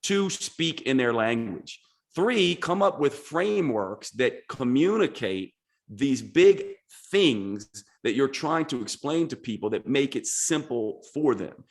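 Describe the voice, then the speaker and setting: A man's voice: medium pitch, animated, slow. A man speaking as a podcast guest, explaining his ideas earnestly and in structured steps. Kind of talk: casual podcast conversation.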